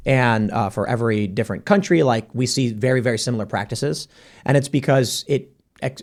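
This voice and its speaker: A man hosting a podcast, talking in a casual, argumentative panel debate. His voice sits at a middle pitch and comes in quick bursts as he presses his points. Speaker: podcast host.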